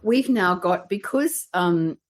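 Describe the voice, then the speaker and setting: A woman's voice: fairly low pitch, expressive, takes it slowly. A woman hosting a podcast, chatting casually with dry, joking humor. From Australia. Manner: dry joking, acts out voices in anecdotes. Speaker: podcast host. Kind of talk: casual chat.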